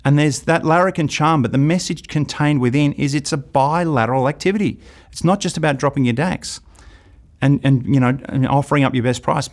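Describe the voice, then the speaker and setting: A man's voice: a little high, fairly quick. A middle-aged Australian man teaching a sales course, telling anecdotes and acting out dialogues. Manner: lively storytelling, acts out dialogues. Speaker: sales trainer. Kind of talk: recorded course lecture.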